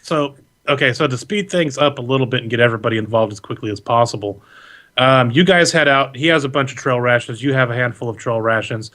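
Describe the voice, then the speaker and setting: A man narrates a tabletop adventure as game master, rambling easily and correcting himself as he goes. His voice sits at an ordinary middle pitch, and he talks over a video call. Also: quick pace. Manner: relaxed, rambling, with fillers and self-corrections.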